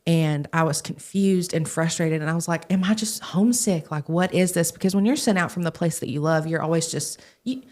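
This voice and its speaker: A young adult woman, a young adult pastor, telling stories in a podcast interview, animated and acting out the voices of the people she quotes. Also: low voice, a little fast, few pauses. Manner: animated, acts out quoted voices, laughs often. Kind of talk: casual storytelling in a podcast interview.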